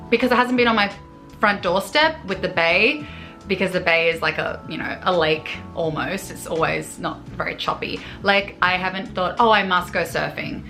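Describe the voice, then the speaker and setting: Bright-voiced exasperated Australian woman vlogger. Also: on the low side. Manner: animated and exasperated, with sarcastic asides. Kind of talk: ranting to camera.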